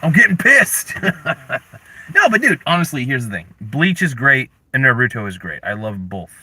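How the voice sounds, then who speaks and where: A young man hosting a casual livestream, ranting in mock anger and chatting with viewers, with sudden loud outbursts. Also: mid-range voice, a little fast. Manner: animated, mock-angry rants with sudden yelled bursts. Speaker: livestream host.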